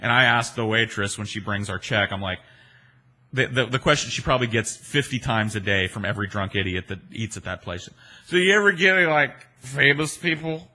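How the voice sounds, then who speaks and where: A man's voice: fairly low pitch, brisk, sharp tone. A man in his forties, a podcast host, telling stories and answering listener questions in a rambling, profane, self-deprecating way. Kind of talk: casual storytelling chat.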